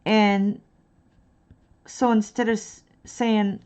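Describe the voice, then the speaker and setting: A woman's voice: medium pitch, little pitch movement, very slow, darkish tone, clean tone, dull audio. A woman from Dallas with a mild Texan accent, chatting casually and hesitantly with many fillers while painting on a livestream. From Dallas, Texas. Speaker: livestreaming artist.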